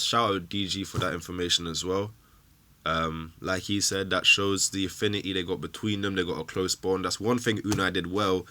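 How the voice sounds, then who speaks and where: Male fan-show host, low-pitched and bright, angry emotional ranting. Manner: angry, swearing, emphatic rant.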